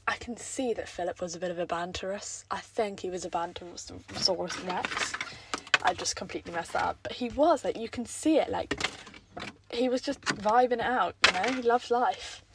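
A woman's voice: medium pitch, very noisy. Chatty young woman, rambling casually. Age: young adult. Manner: chatty, rambling, self-mocking. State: croaky throat; a bit out of breath. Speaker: podcast host. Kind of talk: casual solo chat.

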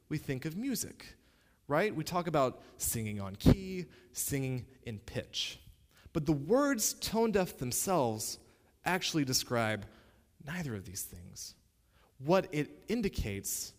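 A man teaching in a playful, direct way, talking straight to the listener. His pitch swoops lively up and down around a middle register, and the room adds a long reverb. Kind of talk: spoken lesson to camera.

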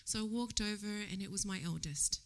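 A woman giving a casual church sermon. She tells a personal story in a chatty, animated way, laughs often and drops to a whisper for quoted thoughts. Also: medium pitch, brisk. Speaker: lay preacher. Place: church service before a congregation.

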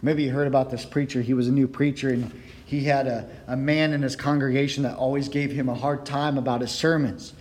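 A man preaching a sermon from the pulpit, excitable and storytelling, his words sometimes running together when he gets fired up. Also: mid-range voice, a little fast. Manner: storytelling with playful voiced quotes. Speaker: pastor. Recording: long hall reverb.

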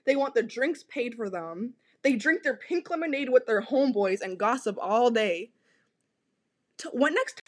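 Blunt, high-voiced woman ranting. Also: fairly bright tone. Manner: blunt, profane and repetitive. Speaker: podcast host. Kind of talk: casual podcast rant.

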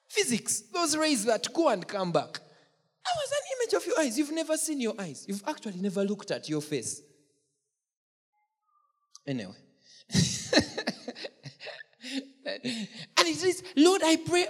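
Brief: preacher, husky, very expressive pitch, playful and questioning, reverberant hall. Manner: animated, asks the congregation questions, jokes and laughs. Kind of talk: sermon. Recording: long church-hall reverb.

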